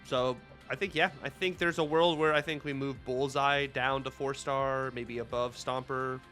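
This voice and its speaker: A man hosting a casual chat, talking enthusiastically and quickly with casual fillers. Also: medium pitch, fairly even intonation, pushed and bright, faint music behind. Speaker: host.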